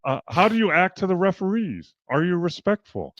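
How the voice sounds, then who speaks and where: A man's voice: high voice, fairly quick, dull audio, a crowd in the background. An older man, a basketball coach and former pro player, talking in a casual interview and acting out quotes as he tells stories. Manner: animated storytelling, acts out quotes.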